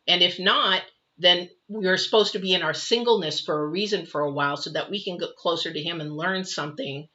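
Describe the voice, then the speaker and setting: A woman reads tarot live in a fairly low, sharp-toned voice, captured on a muffled recording. She wanders conversationally, addresses viewers head-on, and acts out whoever she's quoting.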